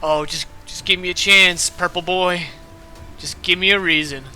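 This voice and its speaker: A man voicing a gruff, contemptuous armed soldier who speaks in clipped, threatening lines. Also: sits high, fairly even intonation, normal speed, pushed and bright. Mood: menacing.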